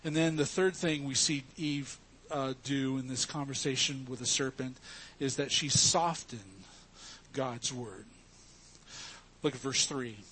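A man's voice: mid-range voice, measured pace, fairly bright tone, slight background noise. A man preaching a sermon to his congregation, emphatic and earnest as he teaches from scripture. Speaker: pastor.

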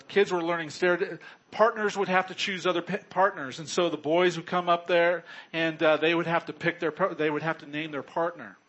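A man preaching a sermon, earnest and unhurried, swinging between loud bursts and quiet low drops. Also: low-quality recording. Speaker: pastor.

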